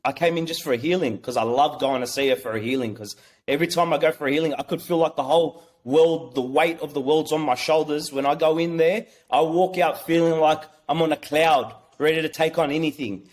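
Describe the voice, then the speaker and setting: A young man telling a personal story as a podcast guest, excited and swearing, often restarting his sentences. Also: a little high, brisk.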